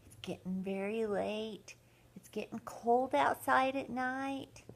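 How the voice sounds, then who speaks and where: An older woman, a grandmother, reading a bedtime story aloud to children in a gentle, expressive way. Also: a little high, slow, gravelly.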